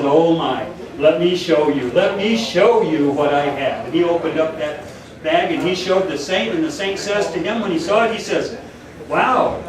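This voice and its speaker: A man speaking at a political meeting, rambling and telling a joke with acted-out voices. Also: sits high. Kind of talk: public talk to a meeting. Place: meeting room in a church. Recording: echoey hall, far from the mic, crowd noise.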